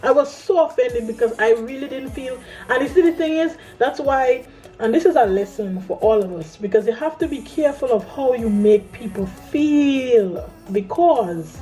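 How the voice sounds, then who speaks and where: A woman tells a personal story in a relaxed vlog style, speaking her own quoted lines with lively flair. Her voice sits a little high yet sounds mellow and warm. Soft music plays faintly underneath. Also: normal speed, low-quality recording. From Caribbean island. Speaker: vlogger. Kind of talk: casual storytime monologue.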